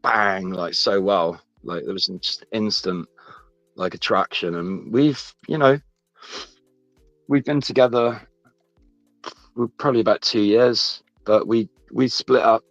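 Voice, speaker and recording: A low-voiced man rambles through a personal story, stopping and restarting mid-sentence. The sound is dull and lo-fi, dry, with faint music underneath. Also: no room sound. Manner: rambling, halting, many restarts. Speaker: guest. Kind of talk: casual chat, personal story.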